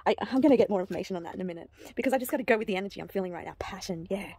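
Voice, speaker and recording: A woman giving an oracle card reading to camera, gushing and excitable, with frequent halting restarts and delighted exclamations. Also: medium pitch, breathy edge, dry recording. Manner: halting restarts and repeated words. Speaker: psychic card reader.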